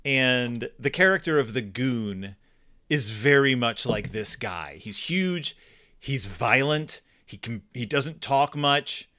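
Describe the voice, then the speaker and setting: A man's voice: mid-range voice, lively intonation, takes it slowly, bright, forceful tone. A man co-hosting a casual book discussion podcast, thinking aloud with plenty of fillers and restarts. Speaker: podcast co-host.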